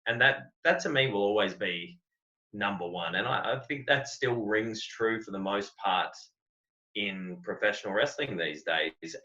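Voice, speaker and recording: A man's voice: fairly low pitch, pushed and bright. An Australian man, a wrestling coach, speaking earnestly and reflectively as a podcast guest, often repeating words as he thinks. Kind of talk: podcast interview. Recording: dull lo-fi audio.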